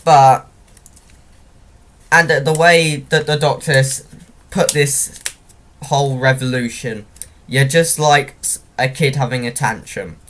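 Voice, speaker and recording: A man's voice: medium pitch, steady tone, slow, pauses often, a bit bright. Enthusiastic young man rambling through a review. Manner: enthusiastic, rambling with frequent restarts. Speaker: episode reviewer. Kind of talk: casual spoken review.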